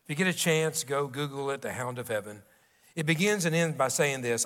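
A man's voice: mid-range voice, animated, brisk, a bit bright. A man pastor preaching a sermon, telling stories in a folksy, conversational way with restarts. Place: church sanctuary. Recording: long reverb of a church hall.

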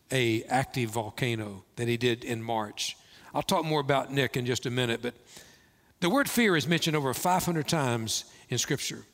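Man, pastor, sermon, slow emphatic delivery, mid-pitched voice, echoing church hall. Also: fairly bright tone. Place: church sanctuary. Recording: long reverb of a large hall.

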